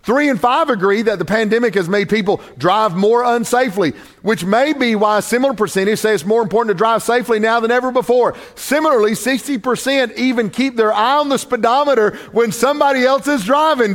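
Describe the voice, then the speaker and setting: Preaching with an extremely high pitch, this pastor speaks briskly with few pauses. He swings from soft, intimate asides to loud, raised delivery and tells his stories in a joking, conversational manner.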